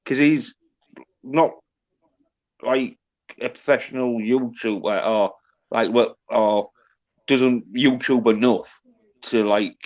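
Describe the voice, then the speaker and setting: A man's voice: mid-range voice, fairly even intonation, takes it slowly, long pauses, darkish tone. A man chatting casually on a livestream call, blunt and swearing. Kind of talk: casual chat. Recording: dull lo-fi call audio.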